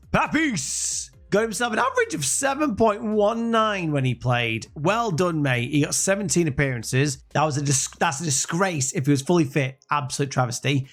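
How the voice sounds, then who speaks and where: Lively, excitable young man. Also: high voice. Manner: excitable, jokey, rambling. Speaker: gaming YouTuber. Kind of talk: let's-play commentary.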